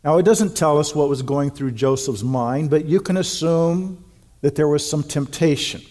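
Middle-aged male pastor, sermon delivery, emphatic and earnest, a touch high-pitched. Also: a little mellow. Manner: earnest, emphatic preaching with slow stressed phrases.

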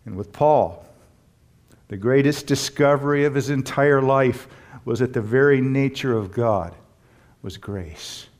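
A man preaching a sermon as a pastor and Bible teacher, earnest and emphatic, putting questions to his congregation and slowing down to stress key words. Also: mid-range voice, a little mellow.

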